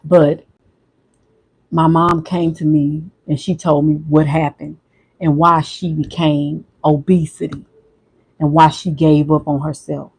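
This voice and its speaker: A man with a fairly high voice talks on his livestream in a quiet, halting way. He restarts and repeats his words often, like a personal monologue. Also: little pitch movement, vocal fry, slightly rough, low-quality recording. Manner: soft-spoken, halting, repeats himself. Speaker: livestream host.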